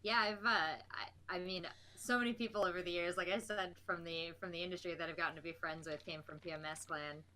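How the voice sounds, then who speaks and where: A woman's voice: on the low side, steady tone, brisk, hardly any pauses, bright, forceful tone, slight background noise. A woman in her thirties from New Jersey, chatting easily as an interview guest and laughing often. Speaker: guest, esports host. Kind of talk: casual interview chat.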